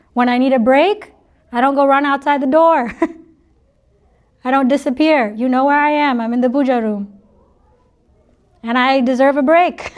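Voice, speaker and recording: A middle-aged woman speaks to a gathered audience in a high voice. She is chatty and playful, and she laughs easily while she teaches. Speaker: spiritual talk speaker. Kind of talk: informal spiritual talk to an audience.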